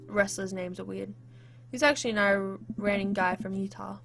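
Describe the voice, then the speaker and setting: A woman reading aloud as a soft-spoken, bookish middle-aged male teacher in a game, quiet and earnest. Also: medium pitch, fairly even intonation, brisk, vocal fry, lightly acted. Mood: subdued. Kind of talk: reading a game's dialogue aloud. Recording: game music playing behind.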